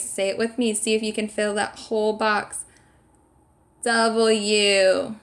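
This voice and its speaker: The speaker is a kindergarten teacher with a creaky, mid-range voice. She gives young children a slow, clear sight-word lesson, encouraging them and spelling each word letter by letter.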